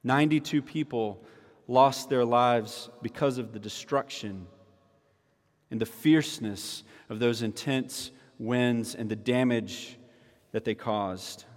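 Male pastor, sermon delivery, emphatic and repetitive, mid-pitched, long reverb from a large room. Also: takes it slowly. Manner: emphatic preacher, repeating key phrases.

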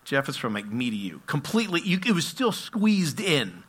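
A male pastor preaching a sermon, telling stories and acting out voices, swinging between loud and hushed. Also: on the high side, normal speed, slightly rough. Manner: storytelling, animated, acts out voices, swings loud and soft.

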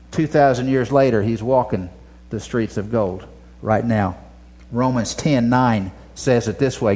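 A man preaching a sermon, telling stories dramatically and dropping from loud passages to a near whisper. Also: mid-range voice.

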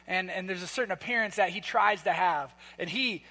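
A man preaching a sermon in a church hall, conversational and emphatic, with quick asides. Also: high voice, sharp tone. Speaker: pastor.

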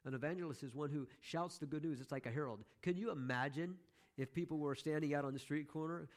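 A man's voice: a little high, fast. A man preaching a sermon as pastor, conversational, with joking asides to the congregation.

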